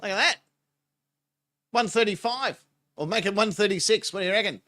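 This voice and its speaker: A man's voice: high voice, normal speed, pushed and bright. A man, giving crude, mocking reaction commentary and laughing often. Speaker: reaction channel host.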